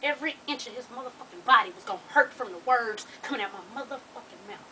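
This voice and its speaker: A woman with a high, bright voice tells her viewers a personal story. She speaks in an animated, profane, slang-heavy way and talks straight to her audience. The mic sits some distance away, with a faint hum of background noise. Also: fast, hardly any pauses. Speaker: vlogger telling a personal story.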